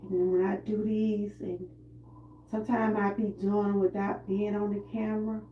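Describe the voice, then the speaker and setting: A woman with a Southern US accent who runs a wellness vlog. She talks in a slow, heartfelt way while doing seated cardio. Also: medium pitch, little pitch movement, roomy sound, dull audio, a little hiss or hum. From Georgia, US. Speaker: wellness vlogger. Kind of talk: live-stream talk during seated cardio.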